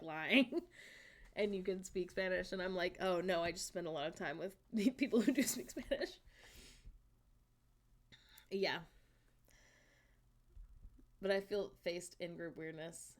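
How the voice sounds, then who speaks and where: A woman in her thirties streaming and chatting casually with her viewers, reading their comments aloud and answering with frequent laughs. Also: lowish voice. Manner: chatty, laughs often, reads and answers chat.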